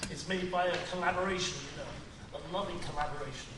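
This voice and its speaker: A man in his sixties, a guest filmmaker in a live on-stage conversation, who talks earnestly with many halting restarts. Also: sits high. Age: 60s. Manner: earnest and reflective, with bursts of laughter. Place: cinema auditorium in front of an audience. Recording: echoey, noisy room, picked up from a distance.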